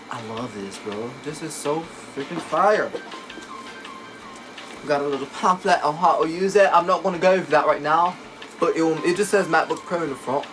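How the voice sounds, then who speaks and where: A man chatting casually while unboxing a laptop, excitable and gushing, recorded on a phone at home. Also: a little high, low-quality recording. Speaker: tech unboxing vlogger. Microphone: phone camera. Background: background music.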